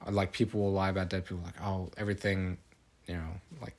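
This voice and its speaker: Deep husky young man rambling. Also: steady tone, racing, a little mellow. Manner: rambling, hedges with constant "like". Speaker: podcast co-host. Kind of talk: casual chat.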